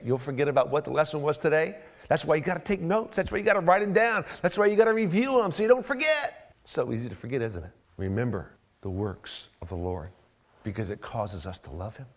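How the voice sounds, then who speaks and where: A man preaching a sermon to his congregation. He repeats key phrases, asks the listeners questions, and swings between low, quiet stretches and loud, emphatic ones. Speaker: pastor.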